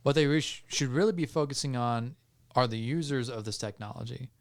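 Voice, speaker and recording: A man, a podcast guest, calmly explaining legal points step by step with frequent fillers and restarts. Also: mid-range voice, a little fast, gravelly. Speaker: podcast guest on music law. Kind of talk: explanatory casual talk.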